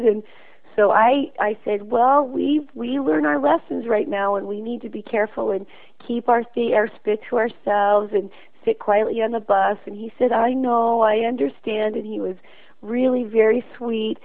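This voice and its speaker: A woman's voice: on the high side, fairly even intonation, moderate pace, creaky. Lady principal calling in, telling a school story, earnest, phone-line sound.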